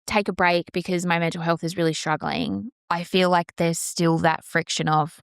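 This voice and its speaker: A woman with a fairly low voice hosts a solo podcast, speaking earnestly and with emphatic passion. Her voice is recorded close and dry, with no room sound around it. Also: flat delivery, moderate pace, clear, resonant tone, no echo. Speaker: podcast host. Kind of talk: candid solo podcast monologue.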